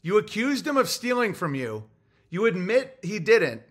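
A man's voice: sits high, big pitch swings, normal speed, breathy edge. A man hosting a podcast, ranting in a casual, profane monologue as he tells a heated story. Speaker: podcast host.

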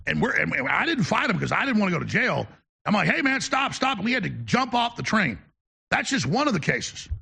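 A man's voice: sits high, sing-song, vocal fry, sharp tone, husky, faint music behind. A man hosting a talk radio show, delivering an emphatic, ranting opinion monologue. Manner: emphatic, ranting, fast-talking.

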